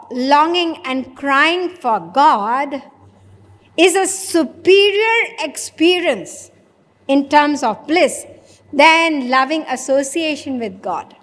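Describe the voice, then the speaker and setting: Woman, Indian English accent, spiritual teacher, high voice, questioning tone, long hall echo. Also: a bit bright. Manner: questioning, acts out dialogues with listeners. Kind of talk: religious discourse.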